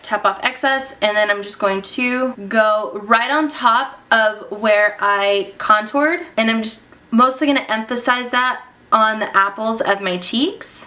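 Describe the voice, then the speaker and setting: A young woman narrating a casual makeup tutorial, chatty and gushing over the products she uses. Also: a little high. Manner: gushing, breaks into excited squeals. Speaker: beauty vlogger.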